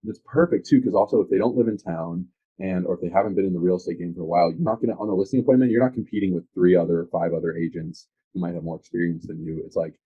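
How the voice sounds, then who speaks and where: Fast-talking husky low-voiced man. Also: narrow, tinny audio. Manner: energetic, eager, acts out sales calls. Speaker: real estate agent, guest. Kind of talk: casual podcast conversation.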